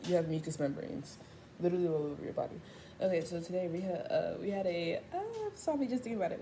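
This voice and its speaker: Fairly low and gravelly, her voice comes out fast over slight background noise. She's an eighteen-year-old woman vlogging casually, telling animated, foul-mouthed stories with plenty of slang.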